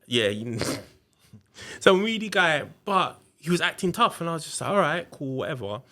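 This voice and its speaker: This podcast guest has a voice on the high side and speaks at a moderate pace. Spinning his tale in loose slang, he gets animated and imitates the characters' voices.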